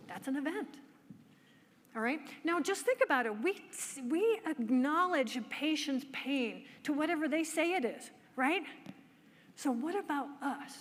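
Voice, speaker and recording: A woman nurse researcher giving a conference lecture and engaging the audience with rhetorical questions. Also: sits high. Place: conference hall. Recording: long hall reverb, faint background noise.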